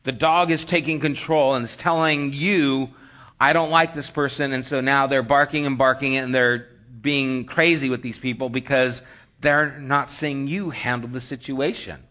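Brief: male preacher, bright edgy tone, animated storytelling, dull lo-fi sound. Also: medium pitch, normal speed. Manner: animated storyteller, acts out scenes, drops to hushed near-whisper. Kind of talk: sermon storytelling.

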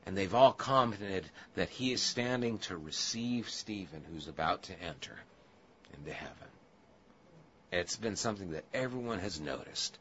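Bright-toned storytelling male preacher. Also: sits low, lively intonation, normal speed. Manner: storytelling with humor, then earnest and hushed. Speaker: pastor. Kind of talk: sermon. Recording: dull lo-fi audio with faint hiss.

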